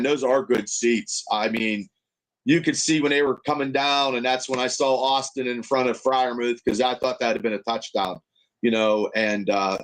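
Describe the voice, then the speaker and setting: High-voiced man telling rambling stories. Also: fairly bright tone, poor audio. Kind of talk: casual chat on a video-call podcast.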